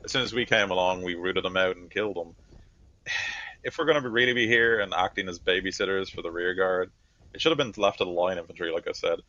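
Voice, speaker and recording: A bitter soldier who gripes about everything , voiced by a man. Low, dull-sounding voice, sarcastic and sour, in a lo-fi recording. Sounds close to an everyday talking voice. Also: steady tone, fast talker, sharp tone, no room sound. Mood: grumbling. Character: grumbling male soldier, constant complainer.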